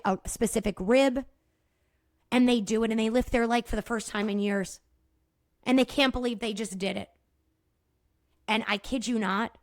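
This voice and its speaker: Woman, middle-aged, podcast host, energetic, casual, swears, slightly high voice. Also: dry recording, studio quality. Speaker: podcast host and movement therapist. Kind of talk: casual explanatory monologue.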